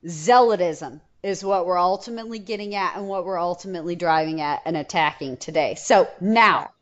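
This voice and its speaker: A woman's voice: lowish voice, brisk, a bit bright. A woman co-hosting a history podcast in a loose, chatty way. She swears casually and teases her partner, breaking into laughter. The audio is dull and lo-fi. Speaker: podcast co-host.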